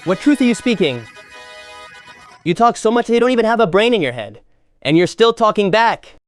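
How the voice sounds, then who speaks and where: A man playing a stern, fast-talking household head. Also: sits high, expressive, soft background music. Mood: scolding. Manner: scolding, argumentative. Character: stern man heading a rural family household. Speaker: elder brother and head of the household. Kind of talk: village family drama acting.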